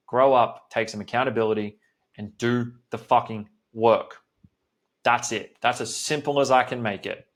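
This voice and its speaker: A man's voice: mid-range voice, fairly even intonation, brisk. A man hosting a solo podcast as a coach, talking bluntly and swearing often in a direct motivational pep talk.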